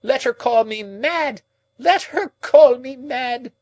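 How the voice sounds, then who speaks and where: A man reading an audiobook, voicing a grief-stricken, possessive old woman in a high, wailing, drawn-out voice. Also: very animated, no echo, full character voice, rough recording. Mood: frantic.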